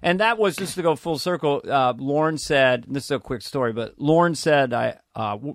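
Animated comedian telling backstage stories. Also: male voice, a little high, moderate pace, no room sound, clean studio sound. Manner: animated, slips into quoted voices, swears. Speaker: comedian guest. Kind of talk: casual podcast interview storytelling.

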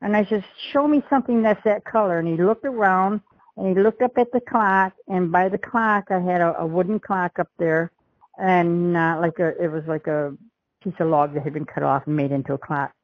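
A woman's voice: fairly low pitch, moderate pace, dry recording, lo-fi sound. A middle-aged woman recounting a past event as an interview witness, rambling along and acting out the dialogue she quotes. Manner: rambling storyteller who acts out quoted dialogue.

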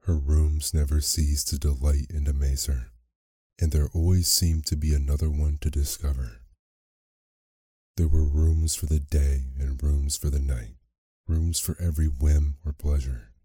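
A man with a very deep, dark voice reads a bedtime sleep story slowly and softly. His tone is husky and close, and the recording is dry with no room sound. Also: flat delivery, dry recording. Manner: slow, soft and measured. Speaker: narrator.

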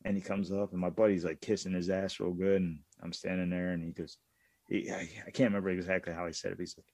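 A man co-hosting a casual podcast, telling profane, animated stories from his youth. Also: low voice, fast talker, no room sound. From Pittsburgh area. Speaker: podcast co-host. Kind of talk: casual storytelling chat.

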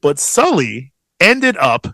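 A man in his thirties co-hosting a casual podcast, telling stories in a profane, excitable, proudly boastful way. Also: on the high side, slow pace, heavy background noise. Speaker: podcast co-host. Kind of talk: casual chat.

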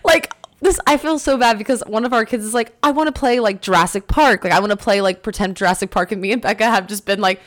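A woman's voice: mid-range voice, quick pace, few pauses. A young woman co-hosting a podcast, rambling playfully and laughing easily. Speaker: podcast co-host. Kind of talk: casual chat.

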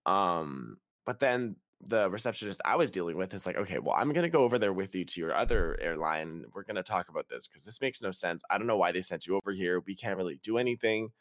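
A young man with a fairly low voice tells a travel horror story on a podcast. His pitch jumps around as he acts out the people in it, and his swearing shows his exasperation. The sound is dry and close. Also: expressive, fast, few pauses, a bit bright, no room sound. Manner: profane, exasperated retelling with quoted dialogue. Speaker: podcast host. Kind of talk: casual storytelling.

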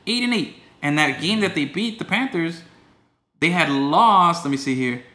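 A man co-hosting a podcast, chatting casually about football in a rambling, excitable way with lots of restarts. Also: on the high side, normal speed, reverberant. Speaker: podcast co-host. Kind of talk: casual sports chat.

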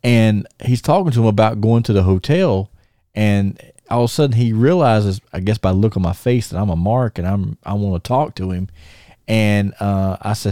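A man's voice: fairly low pitch, normal speed, warm tone, no room sound, studio quality. A middle-aged man, hosting a podcast and telling a long, rambling, stop-start story to a friend. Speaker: podcast host.

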